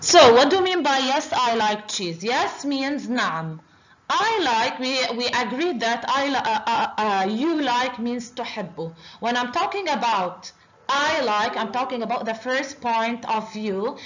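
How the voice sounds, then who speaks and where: Woman teacher going over basics slowly, lots of uhs, bit dull lo-fi sound. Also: fairly high pitch, lively intonation, fairly bright tone. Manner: slow and deliberate, with many drawn-out uhs. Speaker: Arabic teacher. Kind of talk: online language lesson.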